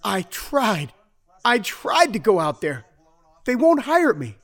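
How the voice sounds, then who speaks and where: A man's voice: high voice, very animated, slow, a bit bright, dry recording, full character voice. A man playing a volatile, regretful prisoner. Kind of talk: audio drama with first-person narration.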